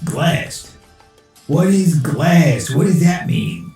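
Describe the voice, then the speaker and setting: A snarky male AI sidekick, played by a man, heckles in loose slang. His voice is gravelly and mellow, a little higher than most. It sounds recorded in a very echoey room. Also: animated, very slow, faint music behind, full character voice. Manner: sarcastic, heckling, casual slang.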